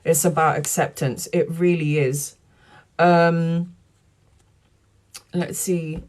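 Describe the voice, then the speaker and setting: A woman tarot reader talking earnestly to viewers on a live stream, in a chatty, warm-hearted way. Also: deep voice, fairly even intonation, takes it slowly. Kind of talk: live-stream spiritual talk.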